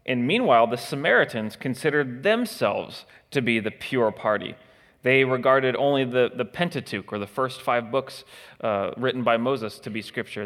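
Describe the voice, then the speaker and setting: Casual man preaching, mid-pitched voice, lots of uh's, sounds like a big church with a long echo. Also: fairly bright tone. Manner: conversational, frequent uh fillers, acts out quoted attitudes. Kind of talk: expository sermon. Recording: long hall reverb.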